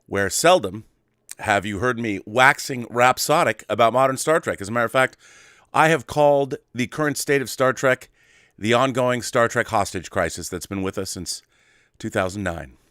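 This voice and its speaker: A middle-aged man hosting his own show in a wry, digressive monologue that swings between animated bursts and quiet asides. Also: mid-range voice, moderate pace, no echo, studio quality. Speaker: host. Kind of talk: casual monologue.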